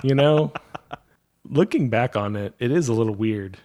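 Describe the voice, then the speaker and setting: A man's voice: mid-range voice, lively intonation, normal speed, mellow. A man co-hosting a podcast, chatting casually with short, easygoing replies. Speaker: podcast co-host. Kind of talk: casual chat.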